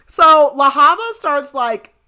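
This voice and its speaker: Bright, chatty young woman recapping a book. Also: sits high, expressive, takes it slowly. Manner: rambling, filler-heavy retelling with lots of "like". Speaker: podcast co-host. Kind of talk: casual book recap chat.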